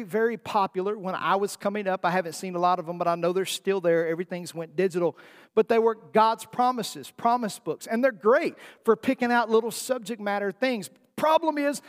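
A man preaching a sermon in a folksy, emphatic way, asking his listeners rhetorical questions. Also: high-pitched. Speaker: pastor. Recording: long hall reverb.

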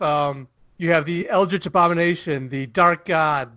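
A man's voice: fairly high pitch, a bit bright, no echo. A man co-hosting a casual chat, rambling with lots of fillers and laughing often. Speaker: podcast co-host.

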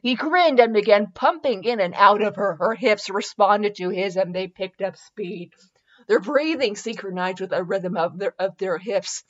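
A woman's voice: medium pitch, normal speed, muffled recording. Giggly woman host reading fan fiction. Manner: giggly, self-mocking asides between reading. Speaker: podcast host.

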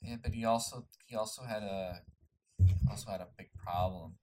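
A young man co-hosting a casual movie chat, relaxed and musing, often restarting his thoughts. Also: fairly low pitch, normal speed.

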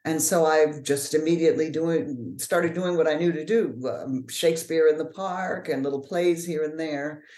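A middle-aged woman from New Orleans with a Mid-Atlantic accent and proper, measured diction, answering interview questions with pauses and fillers. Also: low voice, dark tone, echoey room. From New Orleans, USA. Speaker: actor and author, podcast guest.

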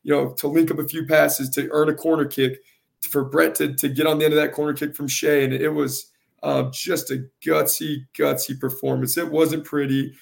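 A man, a high school soccer coach in a casual interview, with a gravelly, carrying voice and an earnest, halting way of repeating words. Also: little pitch movement.

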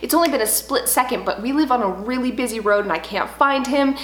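A woman in her thirties, a home decor vlogger telling a story in casual, animated chat. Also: fairly high pitch, quick pace. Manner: chatty, animated storytelling with laughs. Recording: echoey room.

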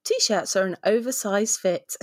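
A woman's voice: mid-range voice, a little slow, no echo. A woman co-hosting a podcast in casual chat, playful and laughing often. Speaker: podcast co-host.

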